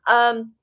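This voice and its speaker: A young woman from San Diego chatting casually with live viewers during a writing sprint stream, rambling and reading out comments. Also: fairly bright tone. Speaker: livestream host.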